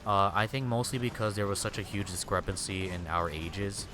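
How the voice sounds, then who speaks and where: A man's voice: fairly low pitch, moderate pace, background noise. A young adult man streaming a game, chatting casually with viewers in a rambling, slangy way. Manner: rambling, slangy, peppered with "dude" and "like". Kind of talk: casual gameplay chat.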